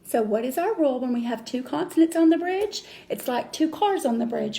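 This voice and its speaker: A woman teacher explaining a reading lesson step by step to children, slow and patient. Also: high voice, expressive, vocal fry, mellow.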